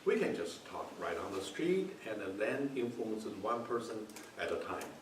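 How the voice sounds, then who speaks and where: A man giving a short club speech in halting, plain phrasing. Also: fairly low pitch, big pitch swings, slight background noise. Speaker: club speaker. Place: meeting room. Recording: echoey room, far off.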